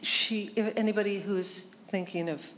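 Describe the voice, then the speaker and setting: A woman's voice: mid-range voice, fairly even intonation, normal speed, a bit bright. Wry woman novelist in an echoey hall. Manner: wry, self-mocking storyteller. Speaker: novelist on a panel. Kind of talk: casual panel talk. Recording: echoey hall, audience noise.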